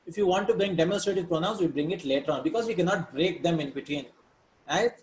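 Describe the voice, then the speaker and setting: A man's voice: a little high, fast talker. Man teaching Arabic in an echoey room. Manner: explains step by step, asks "right?" between points; reads Arabic words and glosses them in English. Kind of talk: recorded language lesson. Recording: echoey room with faint background hiss.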